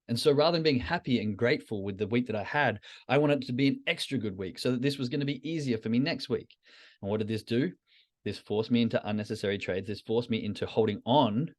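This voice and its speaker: A man hosting a podcast, talking candidly and self-critically to a live chat, often repeating phrases for emphasis. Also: fairly low pitch. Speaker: trading podcast host. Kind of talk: reflective solo talk to a live chat.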